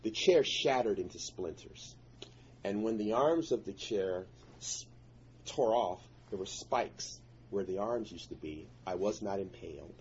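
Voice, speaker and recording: Earnest male storyteller, lowish voice, intense and prayerful; muffled recording with a light hiss. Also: lively intonation, measured pace, a little mellow. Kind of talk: personal story told to listeners.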